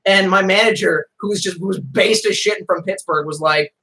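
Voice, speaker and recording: A man's voice: high-pitched, a little fast, pushed and bright, slight background noise, low-quality recording. A man ranting profanely on a live stream.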